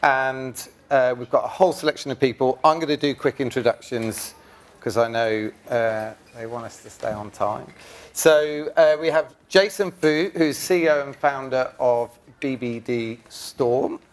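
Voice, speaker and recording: A man's voice: mid-range voice, measured pace. A man chairing a live conference panel, introducing the speakers in a jokey, chatty way. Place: conference stage before an audience.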